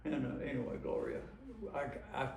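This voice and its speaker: A man's voice: mid-range voice, fairly even intonation, normal speed, vocal fry, darkish tone. An older man from Arkansas, telling rambling, folksy stories with chuckles and restarts, performing at home for visitors. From Arkansas, USA. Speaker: singer-songwriter performing for visitors. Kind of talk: storytelling between songs. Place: his home. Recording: echoey room, mic from a distance. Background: guitar playing.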